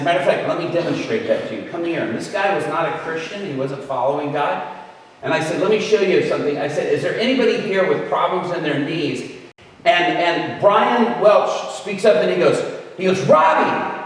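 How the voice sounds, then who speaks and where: A man's voice: fairly high pitch, a little hiss or hum. A man telling a story as a guest preacher, conversational and acting out the people he quotes. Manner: conversational, acts out quoted voices. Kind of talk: storytelling sermon. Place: large hall at a church camp event. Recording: echoey hall from far off.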